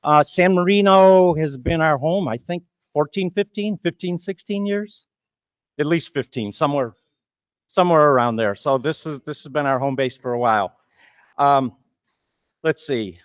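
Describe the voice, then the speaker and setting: A man's voice: fairly high pitch, normal speed, clean tone, no echo, dull audio. A man giving opening remarks as master of ceremonies at a breakfast meeting, chatty and rambling, often repeating words.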